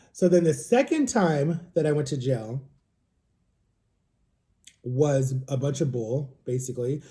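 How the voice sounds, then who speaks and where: Chatty young man with a mellow voice. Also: on the high side. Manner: rambling, frequent "like", quotes others in dialogue. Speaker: vlogger. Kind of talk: casual storytelling. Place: home.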